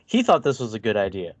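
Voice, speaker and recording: A man co-hosting a podcast, trading crude jokes and mocking impressions, laughing often. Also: lowish voice. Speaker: podcast co-host. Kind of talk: casual comedic commentary.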